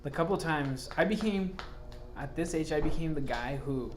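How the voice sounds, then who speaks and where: A man's voice: fairly high pitch, moderate pace, over music. A man co-hosting a podcast, talking casually in a rambling, profane way full of fillers and restarts. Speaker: podcast co-host. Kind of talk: casual chat.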